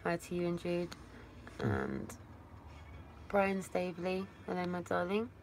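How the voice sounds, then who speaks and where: A woman's voice: on the low side, huge pitch swings, measured pace, darkish tone, a little hiss or hum. An Englishwoman hosting a casual livestream from a phone set some distance away, rambling affectionately and calling viewers darling, her voice tired from a long day of talking. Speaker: livestream host. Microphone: phone placed at a distance.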